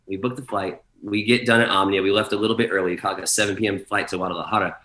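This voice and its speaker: A man's voice: lowish voice, fairly even intonation, fast talker, sharp tone, echoey room. A man, a guest DJ, telling rambling, profane stories in a casual chat, full of fillers.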